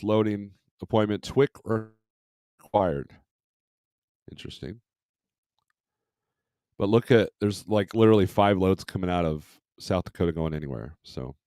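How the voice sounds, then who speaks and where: A man's voice: on the low side, normal speed, pauses often, darkish tone, clear, resonant tone, no room sound, studio quality. A man hosting a casual trucking livestream, rambling as he reads load listings aloud and comments on them. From Michigan.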